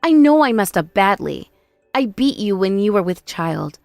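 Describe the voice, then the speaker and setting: A woman's voice: mid-range voice, big pitch swings, moderate pace, vocal fry, darkish tone, no room sound. A woman voicing a remorseful young sister-in-law who pleads and whines for forgiveness. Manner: pleading, whiny, self-pitying.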